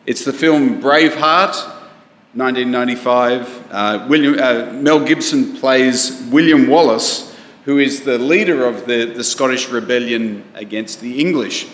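A male preacher delivers a sermon at a slow, unhurried pace, drawing the congregation in with questions. His voice rings out across a church hall with a long, roomy reverb, as heard on a live stream. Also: medium pitch, a bit bright. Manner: conversational, asks the congregation questions.

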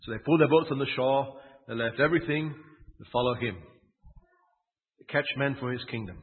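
A man's voice: mid-range voice, fairly quick. A man preaching a sermon, retelling a story with asides and rhetorical questions. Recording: tinny, phone-like sound with long hall echo.

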